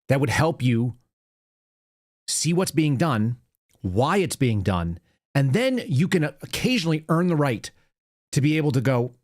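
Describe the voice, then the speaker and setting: A man's voice: a little high, a little mellow, no echo, studio quality. A man hosting his own show, talking casually in a monologue and often repeating words as he restarts. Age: adult with young child. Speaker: podcast host.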